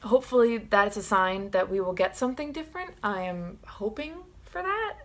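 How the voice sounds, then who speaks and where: A young woman vlogger giving her film opinions in a casual, excited, rambling way. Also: mid-range voice, a little fast.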